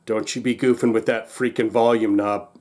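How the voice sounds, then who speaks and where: A man's voice: medium pitch, level tone, brisk, darkish tone. A man hosting a casual reaction vlog, agitated and exasperated, rambling with lots of restarts and swearing. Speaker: music reaction channel host.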